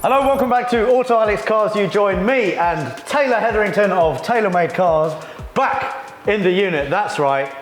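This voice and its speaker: A man hosting a casual, jokey car vlog from a garage workshop, excitable and swearing now and then. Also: a little high. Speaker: host.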